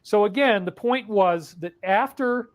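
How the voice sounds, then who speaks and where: A man's voice: high voice, unhurried. A man earnestly telling a dramatic spiritual story about his own experience. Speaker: spiritual speaker. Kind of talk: emotional personal storytelling.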